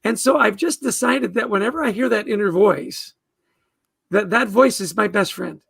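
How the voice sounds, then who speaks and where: A man's voice: sits high, normal speed, gravelly, a bit bright, breathy edge, no room sound. A man who is a guest author, talking earnestly in a podcast interview and often repeating words as he starts a thought.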